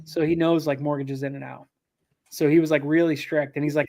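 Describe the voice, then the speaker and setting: Higher pitched guy telling a deal story, acts out the quotes, lots of ums. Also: brisk, creaky. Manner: animated, acts out quotes, frequent fillers and restarts. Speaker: land investor guest. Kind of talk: casual interview storytelling.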